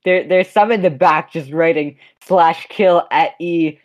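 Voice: medium pitch, fairly even intonation, a little slow, dull audio. A game master narrating a tabletop game in a loose, rambling way, full of restarts and filler. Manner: rambling, with frequent restarts and laughs.

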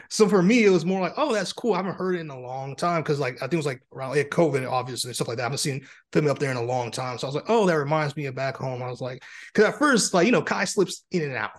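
A man's voice: a little high, fast talker. A man hosting a podcast in a casual, playful chat, teasing his guest and often repeating himself. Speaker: podcast host.

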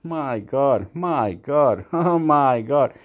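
A man's voice: medium pitch, lively intonation, drawn-out words, dull audio. Rambling man, laughing often. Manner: rambling, laughs often, swears, jumps between topics. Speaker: vlogger. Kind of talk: rambling casual monologue.

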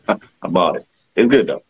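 A man chats easily on a podcast, laid-back and often checking in with "you know what I'm saying." His voice is low. The sound is dull and lo-fi. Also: expressive, a little slow, husky. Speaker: podcast co-host. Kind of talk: casual chat.

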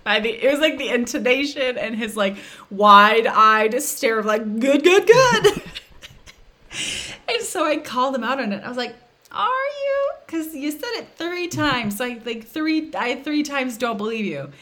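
A woman's voice: fairly high pitch, normal speed, few pauses, sharp tone, slight background noise. A woman chatting casually on a video call, laughing often and acting out quoted voices.

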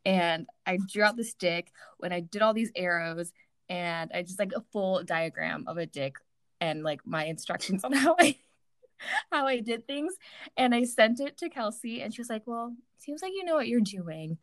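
A woman's voice: medium pitch, normal speed, dry recording. Woman podcast host, giggly chatty story, dry close sound. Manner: giggly, filler-heavy storytelling. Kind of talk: casual storytelling chat.

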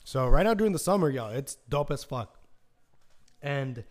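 A man's voice: mid-range voice, lively intonation, moderate pace. A man hosting a podcast in a casual, rambling monologue, swearing freely and scattering fillers as he talks. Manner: rambling and profane, full of fillers. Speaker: podcast host.

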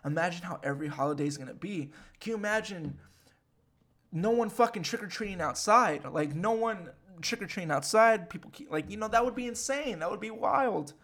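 Young man host, twenties, slightly high voice, casual profane rant, animated delivery. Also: fairly quick. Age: 20s. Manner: animated and profane, with frequent fillers. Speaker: podcast host. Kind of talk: casual ranting monologue.

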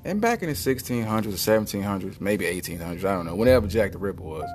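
A man's voice: lowish voice, expressive, fast, soft background music. A man hosting a podcast, telling a rambling, joking comedic monologue and slipping into silly voices. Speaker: podcast host.

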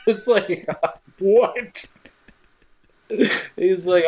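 A man in casual comedic chat, recapping a film with crude jokes and quick acted-out lines. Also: sits high, a little mellow. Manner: jokey, crude, acts out characters in quick asides. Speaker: podcast co-host recapping a film.

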